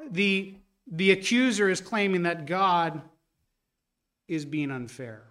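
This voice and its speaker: A man preaching a sermon as pastor, earnest and building to a forceful rebuke, with frequent restarts. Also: high-pitched, takes it slowly.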